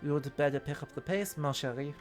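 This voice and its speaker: A man's voice: fairly high pitch, brisk, faint music behind, close to an everyday voice. A man putting on a vain French swordsman. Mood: haughty. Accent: exaggerated fake French. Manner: theatrical, mock-grand reading of game lines. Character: vain, flamboyant male swordsman prophet.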